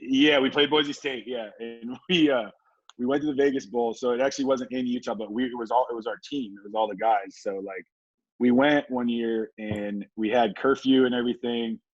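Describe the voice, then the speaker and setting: A man's voice: mid-range voice, steady tone, normal speed, dry recording. A laid-back man from Southern California tells a long story, full of fillers and easy laughter. His voice sits mid-range. The recording sounds dry and a little dull. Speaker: podcast guest, former football player. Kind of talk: casual storytelling.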